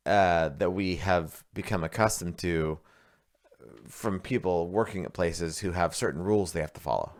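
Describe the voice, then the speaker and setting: Deep-voiced man in rambling podcast chat. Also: moderate pace. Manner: rambling, storytelling, many fillers and restarts. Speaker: podcast co-host.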